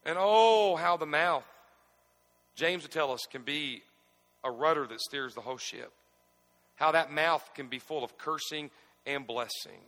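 Pastor, high bright voice, lively pitch, hall reverb. Calls and responses with the congregation. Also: male voice, measured pace, pauses often. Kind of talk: sermon. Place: church sanctuary.

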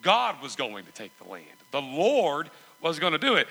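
A man preaching with a lively, swooping delivery and a gravelly edge to his voice. He fires call-and-response questions at the congregation. His bright, forceful tone rings out with a long hall reverb. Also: fairly high pitch, unhurried. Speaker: pastor. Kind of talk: sermon.

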